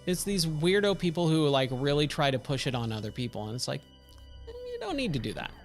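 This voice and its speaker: A man's voice: a little high, huge pitch swings, brisk, over music. A man giving casual, rambling commentary as he streams a game, thinking aloud and wandering off into tangents. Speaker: gaming streamer.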